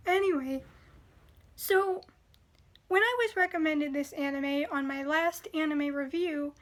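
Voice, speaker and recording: A woman's voice: high voice, fairly bright tone. A woman reviewing anime in casual chat, blunt and opinionated, with lots of "like" fillers.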